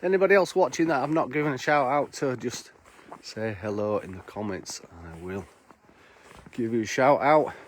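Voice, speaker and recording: A man's voice: mid-range voice, normal speed, a little hiss or hum. A man chats casually as he hosts a live stream, greeting viewers by name while walking outdoors through snowy streets. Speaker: live-stream host and bar worker.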